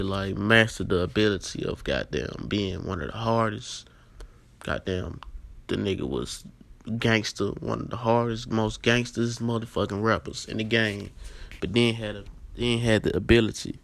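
A man's voice: lowish voice, gravelly. A man hosting a casual podcast, talking bluntly and profanely with emphatic repetition, lecturing his listeners directly. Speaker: podcast host.

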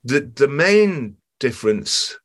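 A man's voice: mid-range voice, sing-song, takes it slowly. A man, an actor, chatting in an interview and telling stories with lots of asides and restarts. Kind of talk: casual interview chat.

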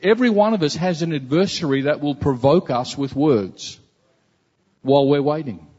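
A man's voice: on the high side, normal speed, darkish tone, husky. Earnest man preaching in an echoing hall. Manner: earnest, conversational preaching with repetitions. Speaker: pastor. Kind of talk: sermon. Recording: dull, reverberant hall recording.

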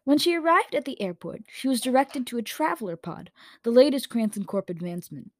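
A woman's voice: fairly high pitch, sing-song, brisk, no room sound. A woman reading a story aloud in a casual way, with slips and corrections, into a home microphone. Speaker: story reader.

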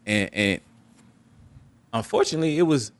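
A man's voice: animated, moderate pace. A young man on a podcast telling a candid, reflective personal story, often restarting his sentences and raising his voice to act out family members. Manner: candid, reflective, acts out quoted family members with raised pitch; frequent restarts and repeated words. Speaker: podcast host.

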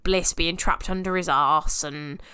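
A woman's voice: on the low side, fairly even intonation, unhurried, bright, forceful tone, clear, resonant tone. A woman co-hosting a podcast, chatty and frank with her opinions, laughing easily. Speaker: podcast co-host. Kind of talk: casual podcast discussion.

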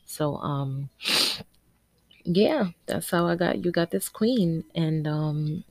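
A woman in her twenties from Harlem, New York City, speaks in a low voice as she hosts her own podcast. She tells her story candidly and with emotion, with frequent ums and small laughs. The recording is dry, with no room sound. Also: fairly even intonation, slow, dry recording. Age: 20s. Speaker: podcast host.

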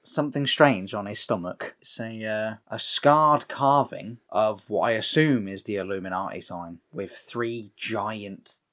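A man's voice: fairly low pitch, a little slow, hardly any pauses, fairly bright tone. A young man in casual chat, retelling a film scene by scene and acting out the characters' lines, swearing freely. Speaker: podcast co-host recapping a film.

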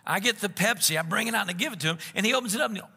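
Male pastor, bright forceful tone with gravel, lively sermon delivery, reverberant sanctuary. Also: high voice, very fast. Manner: animated preaching, acting out quoted voices. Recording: long reverb of a large hall.

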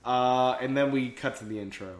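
A man's voice: medium pitch, moderate pace, roomy sound. A man co-hosting a podcast, recapping a show in casual chat, rambling with lots of fillers and swearing. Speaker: podcast co-host.

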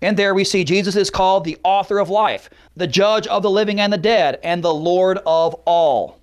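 A man with a high voice gives an explanatory lecture on scripture. He talks in a teaching manner, stresses key words and lists verse references. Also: normal speed. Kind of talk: apologetics lecture.

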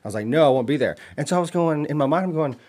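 Guy telling a story quick with a lot of up and down. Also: on the high side, animated, a little mellow. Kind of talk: casual chat.

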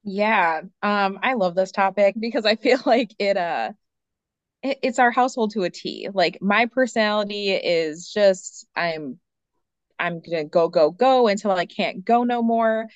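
A woman who is a social worker and mediator, chatting casually on a panel with energetic, quick bursts of speech. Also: mid-range voice, dry recording, muffled recording.

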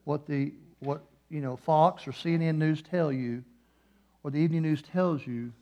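A man preaching a sermon in a church, moving between hushed, slow passages and loud, passionate peaks. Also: on the high side, fairly even intonation, lo-fi sound. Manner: impassioned, swings from hushed to loud. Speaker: guest preacher.

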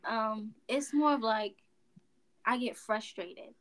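A young adult woman in a casual podcast chat with a fairly high voice for a woman. She speaks slowly and with frustration, circling back to the same phrases. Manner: frustrated, slow, repeating her phrases. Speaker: guest, daughter.

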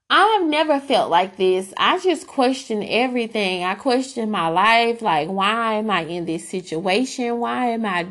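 On her podcast, a young adult woman with a higher, fairly bright voice tells personal stories. Her delivery is candid and casual, full of fillers and restarts.

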